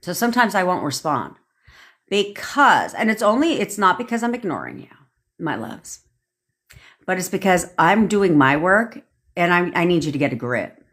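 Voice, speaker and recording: Speaking at a moderate pace in a lowish voice, this woman coaches live and responds to comments from viewers. As a manifestation coach, she's blunt and profane, animated, full of laughs and side remarks.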